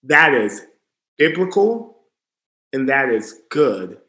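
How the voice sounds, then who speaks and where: A man preaching in an earnest sermon style, dropping to a hush for emphasis. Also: sits high, expressive, unhurried. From Southern US. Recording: roomy echo.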